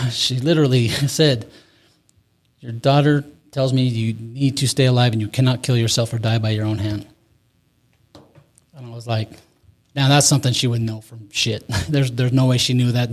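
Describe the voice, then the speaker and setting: Fast-talking man telling his recovery story. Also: medium pitch, a little mellow. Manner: rambling, repeats words, nervous laughs. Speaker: interview guest. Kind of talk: candid recovery story, conversational.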